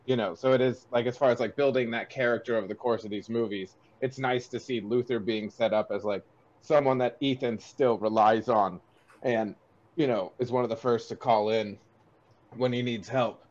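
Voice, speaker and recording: Guy hosting a movie podcast, mid pitch, rambles with lots of likes, kinda dull lo-fi sound. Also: steady tone, moderate pace, darkish tone. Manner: rambling, filler-heavy retelling. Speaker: podcast host. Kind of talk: casual movie review chat.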